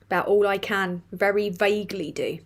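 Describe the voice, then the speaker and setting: A woman's voice: mid-range voice, moderate pace. A woman hosting a casual live stream, reading chat comments aloud with swearing and laughter. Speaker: livestream host reading chat.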